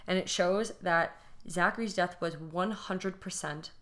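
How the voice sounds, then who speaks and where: Young female podcast co-host, low-ish voice, emotional storyteller who trails off mid-sentence. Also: measured pace. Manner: emotional, restless retelling with many fillers and trailing-off phrases. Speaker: podcast co-host telling a true crime case. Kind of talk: casual podcast chat.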